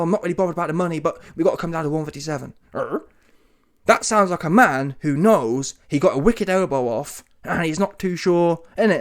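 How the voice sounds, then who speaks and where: Bloke ranting about boxing, slangy and mocking, fairly high voice. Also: male voice. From Britain. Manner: animated, slangy, combative and mocking. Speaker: boxing commentator. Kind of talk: solo opinion rant.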